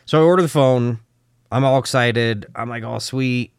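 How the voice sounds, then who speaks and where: A man co-hosting a casual podcast, telling a story in an animated way, acting out dialogue and swearing. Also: mid-range voice, moderate pace, clean tone, dry recording, clean studio sound. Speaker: podcast co-host.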